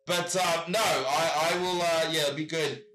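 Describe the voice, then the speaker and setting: A middle-aged man, a guest telling stories in animated, casual chat over a video call, swearing freely. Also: fairly high pitch, a little slow, reverberant.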